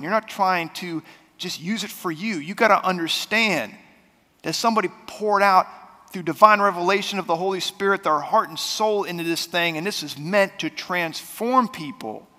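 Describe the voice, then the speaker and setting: A man preaching a sermon as pastor, talking in a conversational way that swings between loud and soft. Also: sits high, big-room sound. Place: church sanctuary.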